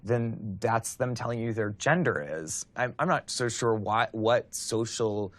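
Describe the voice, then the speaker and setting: A man's voice: fairly low pitch, unhurried, no echo. A man interviewed in a documentary, answering in a hesitant, careful way.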